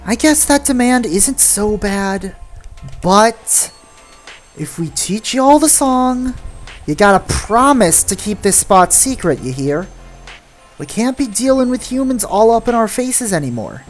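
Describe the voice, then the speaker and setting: A woman's voice: mid-range voice, sing-song, measured pace, faint music behind. A woman voicing a sassy, laid-back young mermaid in a video game, with drawling valley-girl slang. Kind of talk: reading game dialogue aloud.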